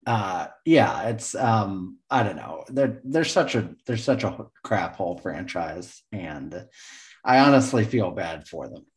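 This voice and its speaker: A man's voice: low voice, sing-song, slow. A man co-hosting a casual sports podcast, talking in a laid-back way with lots of fillers and sounding tired. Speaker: podcast co-host.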